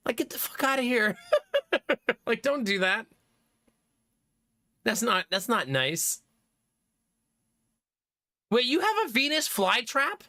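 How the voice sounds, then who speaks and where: Man, high voice, bright tone, casual streamer chat, laughs a lot, dry close mic. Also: slow pace, long pauses, dry recording. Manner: animated, laughs often, swears casually. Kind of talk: casual chat with live viewers.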